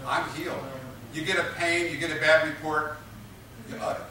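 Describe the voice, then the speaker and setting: A man's voice: on the high side, level tone, a little fast, bright, forceful tone. A man preaching a sermon, emphatic and repetitive, drawing responses from his congregation. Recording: echoey room picked up from a distance.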